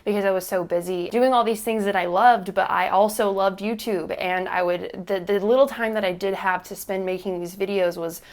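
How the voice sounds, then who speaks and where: A woman's voice: mid-range voice, steady tone, normal speed, hardly any pauses. A woman in her twenties talking earnestly to camera in a heartfelt personal vlog, recorded at home on a camera mic. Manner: earnest and heartfelt, drawling y'all. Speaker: YouTuber.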